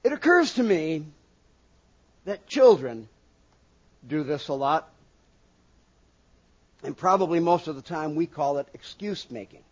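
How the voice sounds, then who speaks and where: A man preaching a sermon in an animated way, acting out quoted voices and asking the congregation questions. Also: fairly high pitch, unhurried, long pauses. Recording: dull lo-fi recording.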